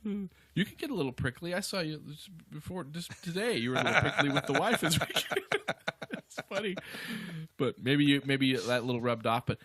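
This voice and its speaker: A man's voice: on the high side, expressive, moderate pace, a bit bright, dry recording. A man co-hosting a podcast who talks bluntly, swears a lot and laughs easily. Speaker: podcast co-host. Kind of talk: casual chat.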